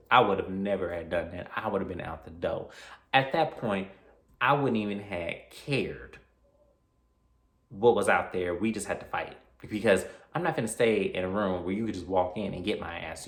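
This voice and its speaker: A man recaps a horror film in a casual vlog, telling it with slang and lively commentary. His voice sits low. The sound carries a roomy echo. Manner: slangy, animated storytelling with acted quotes. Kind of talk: casual vlog retelling a movie plot.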